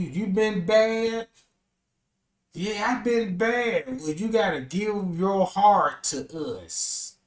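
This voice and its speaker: A high-pitched man talks through a stream in a slow, unhurried drawl. He gets animated and slangy, rambling from point to point. His voice rings in an echoey room. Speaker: streamer reacting to a text. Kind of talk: casual commentary.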